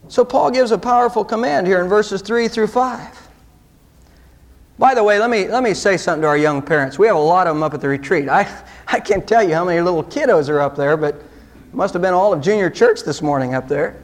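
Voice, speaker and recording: A male pastor preaching a sermon, earnest and direct, with pointed rhetorical questions to the congregation. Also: sits high.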